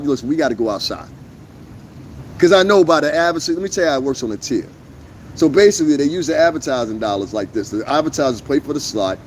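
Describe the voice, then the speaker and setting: A man's voice: medium pitch, darkish tone, a little hiss or hum. A man ranting on a live stream, blunt and profane, repeating his points for emphasis. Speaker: YouTube streamer. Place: outdoors on a lawn.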